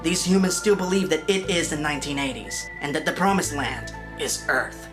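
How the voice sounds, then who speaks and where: A woman's voice: low voice, moderate pace, music in the background. A woman narrating a comedic film review in a sarcastic, exasperated manner.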